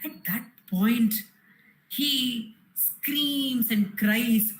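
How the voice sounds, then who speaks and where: A woman's voice: medium pitch, expressive, a little slow. A woman telling a spiritual story at a gathering, earnest and repetitive with fillers. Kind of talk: storytelling talk. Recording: roomy echoey hall.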